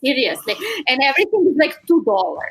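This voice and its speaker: Podcast guest, woman, Serbian accent, high lively voice, blunt and quick to laugh. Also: husky. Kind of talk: casual chat. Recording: call from her vacation spot, remote audio.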